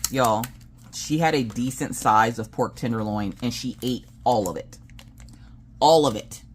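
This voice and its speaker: A woman's voice: extremely low pitch, normal speed, slightly rough. A woman with a Southern American accent chatting casually while she crafts. She tells family stories at length, acting out what everyone said, and swears freely. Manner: chatty storyteller who acts out family dialogue. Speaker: crafting channel host.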